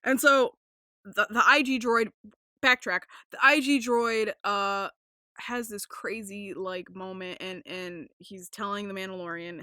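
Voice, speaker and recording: A young woman hosting a casual podcast, rambling with lots of fillers, swearing freely and getting excited. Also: medium pitch, measured pace, no echo, clean studio sound. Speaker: podcast host.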